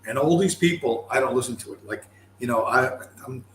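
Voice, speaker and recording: A man's voice: medium pitch, a little fast, a bit bright, roomy sound, a little hiss or hum, poor audio. A man delivering a profane, contemptuous ranting monologue, aggressive and heavy with swearing. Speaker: commentator.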